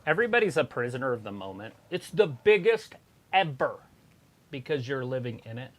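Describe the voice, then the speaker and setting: A man co-hosting a casual live stream, giving opinions in a lively way. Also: medium pitch, fairly quick. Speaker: co-host of a wrestling watch-along stream.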